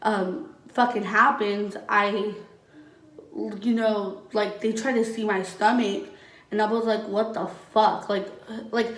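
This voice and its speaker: The voice is a young woman's, medium-pitched and a bit bright, with fairly even intonation and a slow pace. Vlogging about her own life, she talks candidly and bluntly, swearing frequently and leaning on "like." She sounds distant in an echoey room.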